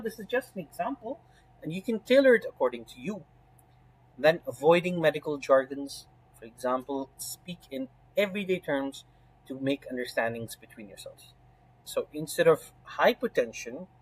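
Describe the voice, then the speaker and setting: Husky man teaching a medical exam course. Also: a little high, low-quality recording. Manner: emphatic, often adds "right?" and "you know". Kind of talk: spoken lesson.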